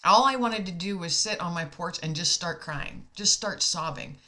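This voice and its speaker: Bright-voiced, heartfelt American woman. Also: lowish voice, moderate pace. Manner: heartfelt, emotional, laughs often. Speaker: co-host telling a personal story. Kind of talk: casual storytelling chat.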